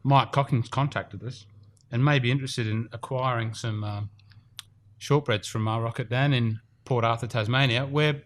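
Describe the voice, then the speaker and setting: A man's voice: mid-range voice, fairly even intonation, normal speed. Chatty man hosting a podcast. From Australia. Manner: chatty, rambling with fillers. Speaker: podcast host. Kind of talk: casual podcast chat. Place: indoor golf simulator studio.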